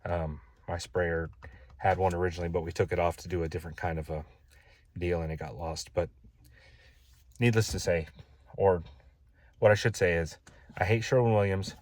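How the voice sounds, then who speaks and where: Low-voiced man ranting in a vlog. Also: steady tone, normal speed, long pauses, darkish tone. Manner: exasperated, repeats his gripes. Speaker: homeowner building his own house. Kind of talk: casual vlog rant.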